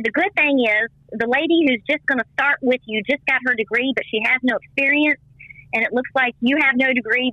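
In conversational interview, a former missionary and teacher, now middle-aged, recounts how she came to faith, animatedly performing quoted voices with large leaps in pitch. There's no room sound, but the recording quality is low.

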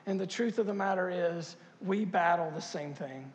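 Male pastor, sermon, high voice, animated and joking, reverberant church hall. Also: normal speed. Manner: animated, joking, loud bursts.

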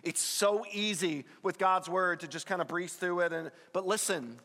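A man's voice: sits high, moderate pace, hardly any pauses, pushed and bright. Man preaching in a reverberant hall. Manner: earnest, conversational preaching with emphatic rises. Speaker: pastor. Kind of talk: sermon.

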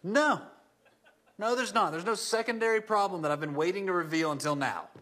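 A man's voice: sits high, brisk, pushed and bright. A man playing a frustrated, sarcastic caller stuck with customer service in a comedy clip. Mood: exasperated. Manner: exasperated, sarcastic. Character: exasperated young male customer on hold.

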